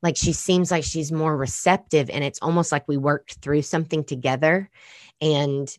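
Low-voiced woman telling a family story. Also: moderate pace, no echo, clean studio sound. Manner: earnest, animated storytelling with many fillers. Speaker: mother sharing a story. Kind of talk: casual chat.

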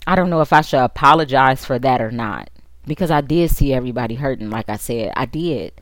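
A woman's voice: very deep voice, no room sound, studio quality. A woman podcast host candidly recounting a personal story in an emotional, conversational way. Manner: candid and emotional, with quick asides.

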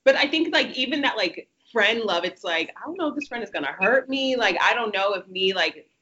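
Fast, lively young woman, bright voice. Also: mid-range voice. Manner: lively, quick, storytelling. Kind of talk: casual group chat. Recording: dull lo-fi audio.

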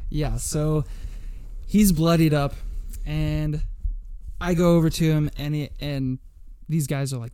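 A man's voice: fairly high pitch, steady tone, moderate pace, dark tone, dry recording. A young man co-hosting a podcast, telling a story in a rambling casual way with repeated words and frequent laughs. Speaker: podcast co-host.

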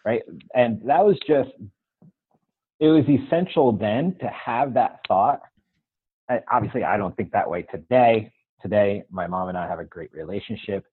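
A man with a low, husky voice tells his life story to an interviewer in an earnest tone. He acts out the conversations as he goes and keeps checking in with "right?". The sound is dry and narrow, as if it came over a phone line. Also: normal speed, no room sound. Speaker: guest.

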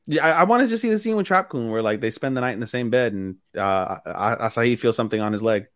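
A man's voice: medium pitch, quick pace, dry recording, clean studio sound. A young man co-hosting a podcast, casually and crudely retelling scenes and acting out the lines. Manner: crude, animated retelling with acted-out quotes. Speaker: podcast co-host. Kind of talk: casual chat.

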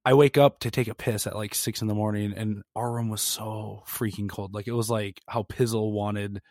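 A man co-hosting a podcast in a relaxed casual chat, laughing along. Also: fairly low pitch, normal speed, dry recording, studio quality. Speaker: podcast co-host.

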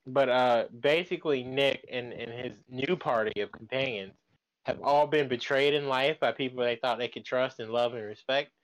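Man, podcast co-host, casual chat, slangy, cussing, mid-pitched voice. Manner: slangy, profane storytelling.

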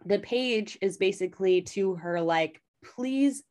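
A woman's voice: medium pitch, expressive, unhurried. Chatty, profane woman recapping a story.

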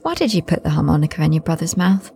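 A woman's voice: deep voice, lively intonation, quick pace, dark tone, slight background noise. A woman interviewing in a comedy sketch, exasperated and clipped, keeping up a strained politeness.

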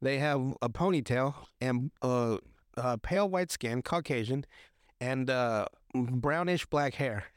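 A man's voice: medium pitch, slow, no echo, clean studio sound. Rambling, foul-mouthed young man. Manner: crude, swears often, rambling with many restarts. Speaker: podcast host. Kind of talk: casual chat recapping a TV episode.

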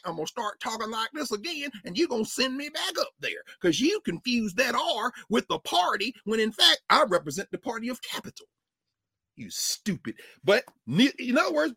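A middle-aged man lecturing as a professor and show host, preacherly, with vernacular speech and big swings between loud and low. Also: slightly rough, no echo. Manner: uses African American vernacular. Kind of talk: lively lecture to an audience.

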